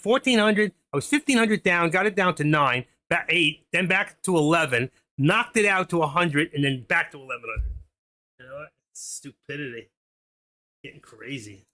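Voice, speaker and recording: A middle-aged man hosts a stock trading stream in casual chat. He calls out viewers by name as he talks through his charts. His voice sits a bit high and rings bright. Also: animated, moderate pace. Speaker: stock trading livestream host.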